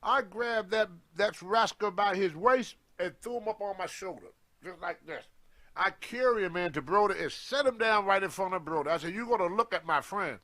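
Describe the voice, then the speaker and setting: An older man with a high voice tells an animated anecdote as a guest storyteller on a wrestling show, acting out the quoted lines. He keeps a moderate pace in this casual storytelling.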